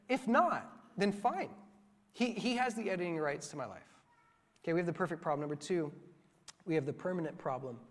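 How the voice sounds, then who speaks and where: A young male pastor preaching a sermon in a church, lively and joking with quick asides to his congregation. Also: a little high. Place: church sanctuary. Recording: long church hall reverb.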